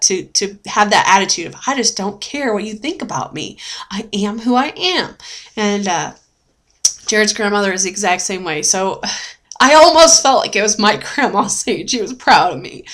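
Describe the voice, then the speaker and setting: A woman's voice: medium pitch, fairly bright tone. A young adult woman talking in a casual video diary, chatty and rambling with lots of fillers, often laughing and getting emotional. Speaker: vlogger sharing a weight-loss journey.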